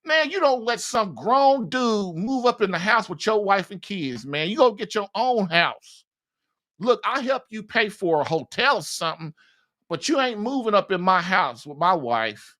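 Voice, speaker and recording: A man's voice: sits high, very animated, normal speed, pushed and bright. Blunt, folksy man giving marriage advice. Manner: blunt, folksy, laughs at his own points. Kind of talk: casual advice monologue.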